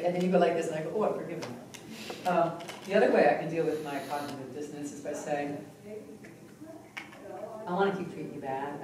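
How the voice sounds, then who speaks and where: Woman presenter in an echoey hall. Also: low voice. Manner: expressive and conversational. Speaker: hypnotherapy presenter. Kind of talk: live teaching demonstration. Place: large conference hall. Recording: echoey hall from far off with noise.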